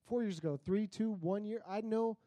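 A male pastor preaching a sermon in a conversational, storytelling way, sometimes breaking into loud comic outbursts. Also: high voice, normal speed, no room sound.

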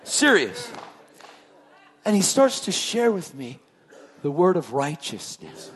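A man giving an emotional personal testimony, a dramatic storyteller who drops to hushed tones and then rises to shouting. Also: on the high side, wildly swooping pitch, slow, a little hiss or hum. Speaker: testimony speaker.

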